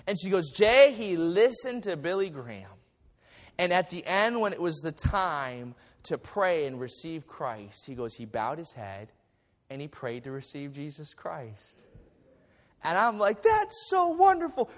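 Animated pastor in an echoing hall. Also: male voice, on the high side. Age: 40s. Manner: animated storytelling with stammered restarts and jokes. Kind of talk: sermon.

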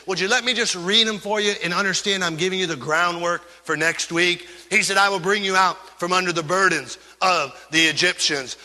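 A man preaching a sermon as pastor, swinging between loud emphasis and hushed, earnest passages. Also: high voice, long reverb tail.

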